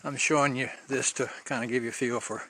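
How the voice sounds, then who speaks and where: A man walks a mountain trail, filming handheld and guiding viewers in a loose, chatty way, often restarting phrases. He talks fast at medium pitch, with a steady, fairly bright tone and a little hiss or hum.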